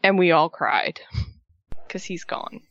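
A woman chatting casually as a wrestling podcast co-host, emotional and animated, with a swear here and there. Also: fairly low pitch, slow pace, no room sound. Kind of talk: casual fan chat. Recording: dull lo-fi sound.

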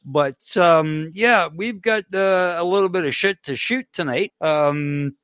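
A man's voice: sits high, takes it slowly, fairly bright tone, clean tone, dry recording. A middle-aged man from Canada co-hosting a casual podcast, rambling and joking with frequent restarts. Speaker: co-host.

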